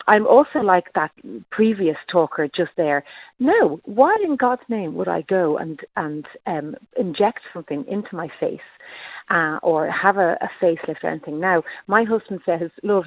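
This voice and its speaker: A woman's voice: on the low side, dry recording. A woman in her late forties calling into a radio show, telling a long rambling story full of asides. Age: 40s. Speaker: caller. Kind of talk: phone-in call. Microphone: phone. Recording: tinny phone line.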